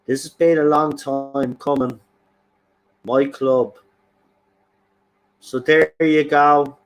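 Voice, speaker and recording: A man's voice: on the high side, steady tone, slow. A young man hosting a fan channel, talking with emphatic, repetitive passion. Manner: passionate, emphatic, repeats himself for effect. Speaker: football fan channel host. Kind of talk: excited fan commentary.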